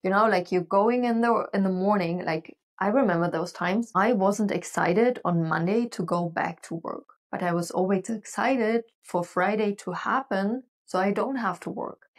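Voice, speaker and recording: Chatty animated woman podcast host. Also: mid-range voice, normal speed, hardly any pauses. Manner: chatty, animated storytelling with many fillers. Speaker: podcast host and business coach. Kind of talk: solo podcast monologue.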